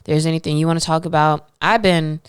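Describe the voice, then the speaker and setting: A woman with a low, smooth and resonant voice chats easily as a podcast co-host. She sounds laid-back and slangy, meandering through her points with casual fillers. The sound is dry and close. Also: fairly even intonation, a little fast, no echo. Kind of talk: casual chat.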